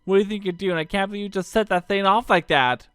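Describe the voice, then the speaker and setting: A jumpy young male adventurer, flustered and nervously polite, as a man puts him on. His voice is smooth, a little raised, and recorded close and dry. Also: sits high, quick pace, a bit bright, no room sound, voice pushed up. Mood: alarmed.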